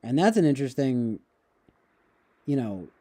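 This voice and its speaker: A man hosting a casual livestream, responding to chat in a rambling, halting way with many restarts and occasional chuckles. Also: medium pitch, big pitch swings, dark tone. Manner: chuckles often while talking. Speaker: livestream host reading chat.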